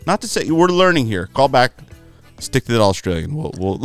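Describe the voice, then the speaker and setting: A man's voice: mid-range voice, sing-song, normal speed, smooth, soft background music. A man hosting a podcast in casual, laid-back chat, laughing easily. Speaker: host.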